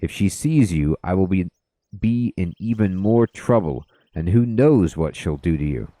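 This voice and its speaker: Man putting on a plummy posh dwarf gentleman. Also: deep voice, expressive, a little slow, dry recording. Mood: fussy. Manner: plummy upper-class British slang. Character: posh bearded male dwarf gentleman, fussy.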